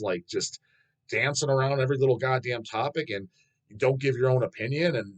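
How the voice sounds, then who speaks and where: Poor audio carries a slightly rough, medium-pitched voice: a man in his thirties who runs his own channel, working through fan questions in a blunt, rambling monologue. He swears all the time and laughs at himself.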